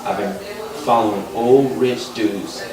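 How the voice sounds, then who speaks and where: A young man from Los Angeles doing a stand-up comedy set, loud on punchlines and dropping low for asides. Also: very animated, measured pace, gravelly. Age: young adult. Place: comedy club stage. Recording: echoey live room, mic far off, crowd laughter.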